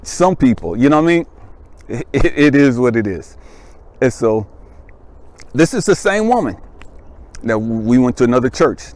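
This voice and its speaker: A man telling a personal story as a motivational speaker, casual and animated, laughing and checking in with the listener, his voice jumping high when he gets emphatic. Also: moderate pace, long pauses. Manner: voice jumps much higher and louder when he is emphatic. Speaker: motivational speaker and life coach.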